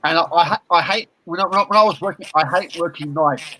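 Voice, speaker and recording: Rambling man with a bright voice. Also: on the high side, quick pace, a little hiss or hum, low-quality recording. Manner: rambling, repeats words, many fillers. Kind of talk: casual chat.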